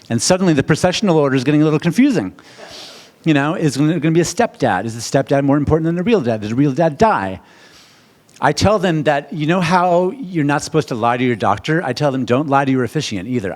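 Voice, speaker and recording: A middle-aged American man, a wedding officiant, presenting to a seminar audience in an animated, theatrical way, jumping to loud, high questions.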